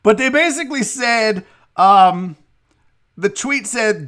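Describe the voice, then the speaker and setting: A man's voice: extremely high pitch, animated, normal speed. A man hosting a live sports talk show. He chats casually, jokes, and reads messages from viewers aloud. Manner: loose, joking, reads chat messages aloud; slips into a put-on Southern gentleman drawl. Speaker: sports radio host.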